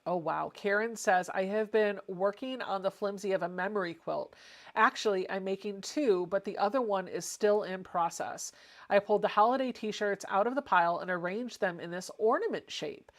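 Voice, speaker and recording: A woman's voice: medium pitch, moderate pace. A woman hosting a casual home livestream, chatting and reading viewer comments aloud. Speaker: livestream host.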